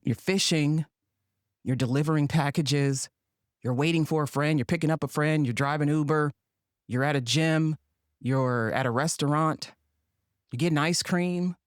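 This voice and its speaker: A woman's voice: low voice, moderate pace, no room sound, studio quality. A woman hosting a commentary monologue, sassy and sarcastic in her delivery. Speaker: podcast host.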